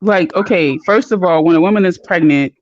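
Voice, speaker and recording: A woman's voice: brisk, a little mellow, no room sound. A woman joining a casual chat and telling a personal story with emotion. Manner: emotive, high-pitched storytelling. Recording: muffled call line, breaking up.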